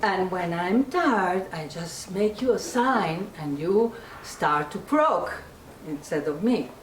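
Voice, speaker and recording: Lady doing a little frog, earnest and coaxing, a touch lower than her usual, heard from far off in a roomy space. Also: lively intonation, slow pace. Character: small earnest female frog. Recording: echoey room, distant mic, background noise.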